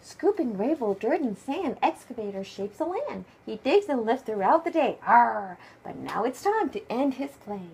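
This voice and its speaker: A woman who speaks Japanese natively, reading a picture book aloud to her child at home at bedtime, expressive and hushed at times. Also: high voice, moderate pace, hardly any pauses, slight background noise. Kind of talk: bedtime story read-aloud.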